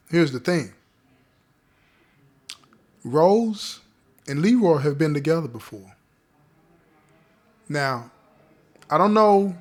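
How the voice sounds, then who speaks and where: A man hosting a show, telling a story in a casual, conversational way with street slang, often checking in with his listeners. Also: on the high side. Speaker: podcast host telling a story.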